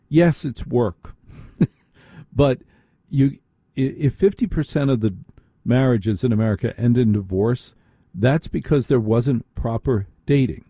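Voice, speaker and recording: A man's voice: medium pitch, measured pace, warm tone, slightly rough, dry recording. A man hosting a call-in radio show, talking bluntly and conversationally on a close studio mic. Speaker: radio talk show host. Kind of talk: opinionated radio talk.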